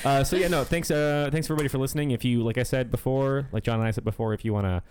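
A man's voice: medium pitch, very fast, slight background noise. A man co-hosting a podcast in casual, joking chat. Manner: joking and animated. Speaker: podcast co-host.

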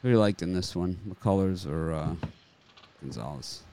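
A man's voice: low voice, moderate pace, a crowd in the background. A man hosting a casual sports betting podcast, ranting and laughing often. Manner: animated, laughs a lot, rants. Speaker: podcast host.

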